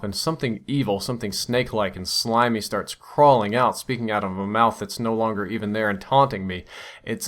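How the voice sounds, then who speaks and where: A young man telling a strange dream over gameplay as a channel host, musing and wondering aloud. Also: fairly low pitch.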